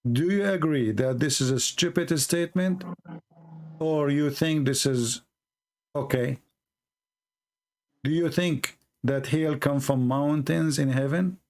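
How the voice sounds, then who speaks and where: Blunt, sarcastic man with a gravelly voice. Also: a little high, slow pace, pauses often. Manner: blunt, sarcastic, presses the caller with repeated questions. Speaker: debate host. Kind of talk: live call-in debate.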